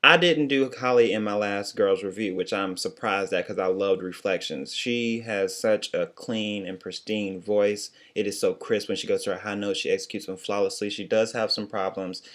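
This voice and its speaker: A man's voice: lowish voice, fairly bright tone. Sassy young man giving blunt critiques. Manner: sassy, blunt, quick asides. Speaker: co-host reviewing singing contest. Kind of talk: casual critique chat.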